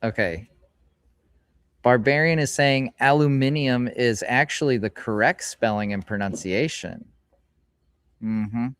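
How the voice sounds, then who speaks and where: A middle-aged man hosts a casual live stream, chatting in a rambling way and reading card names aloud slowly. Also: medium pitch, fairly bright tone, smooth, dry recording. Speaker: streamer host. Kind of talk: casual live-stream chat while opening card packs. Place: hobby store, indoors.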